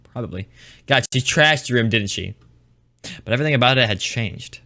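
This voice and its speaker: A man's voice: mid-range voice, expressive, fairly quick, sharp tone. A man streaming a visual novel, reading its text aloud and breaking off into rambling, joking commentary. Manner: rambling, joking, with many restarts. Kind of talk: casual let's-play commentary and reading aloud.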